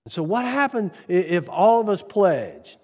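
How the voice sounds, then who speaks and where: A man preaching a sermon on giving, earnest, piling up rhetorical questions and swinging from loud to soft. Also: high voice, big pitch swings, measured pace, in a large hall. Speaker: pastor.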